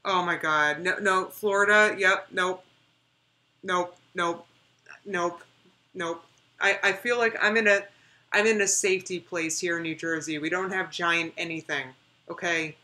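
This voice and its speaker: Bright-voiced chatty woman streamer. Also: fairly low pitch, fairly even intonation, normal speed. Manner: chatty and emphatic, repeating words for stress. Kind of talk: casual reaction livestream chat.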